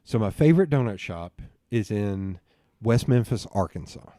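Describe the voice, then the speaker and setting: A man's voice: on the low side, animated, normal speed, warm tone, no room sound, studio quality. A man in a podcast interview, telling a long, profane story with laughs along the way. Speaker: podcast guest. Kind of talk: casual storytelling chat.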